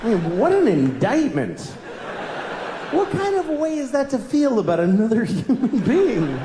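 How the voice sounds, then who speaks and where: A man doing a stand-up routine, ranting at himself in an exasperated, self-mocking way, bursting into yells. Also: very high voice, huge pitch swings, normal speed. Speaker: stand-up comedian. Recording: echoey room with loud ambient noise.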